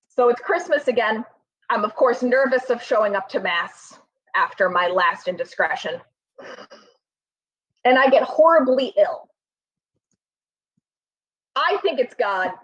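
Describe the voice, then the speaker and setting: A woman's voice: fairly high pitch, lively intonation, measured pace, long pauses, fairly bright tone, breathy edge. A young woman telling a funny personal story in a rambling, self-deprecating way, full of fillers. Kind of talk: comic storytelling. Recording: slightly dull, lo-fi sound.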